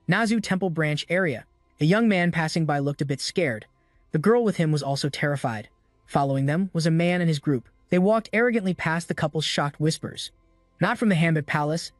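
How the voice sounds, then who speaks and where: A man narrating a story recap in a steady, even storytelling manner. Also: on the high side, no echo, studio quality. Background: faint music.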